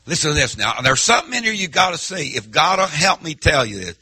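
Impassioned preacher, bright and husky. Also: male voice, a little high, sing-song, quick pace, no echo. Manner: impassioned preaching, swings from loud to near-murmur, rhetorical questions. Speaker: pastor. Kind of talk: sermon. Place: church.

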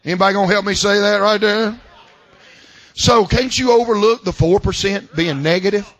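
High, bright preacher man. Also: moderate pace. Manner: folksy preaching, swings from loud shouted climaxes to quiet asides. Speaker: pastor. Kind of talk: sermon. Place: church service.

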